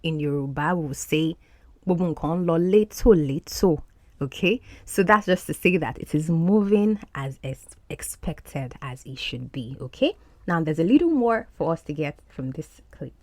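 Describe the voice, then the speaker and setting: A woman hosting an English lesson podcast, breaking down words from film scenes. Her lower voice moves up and down in an animated way, and she repeats key words slowly so learners catch the sounds. The recording is dry and close. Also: dry recording. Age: adult. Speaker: podcast host and English teacher.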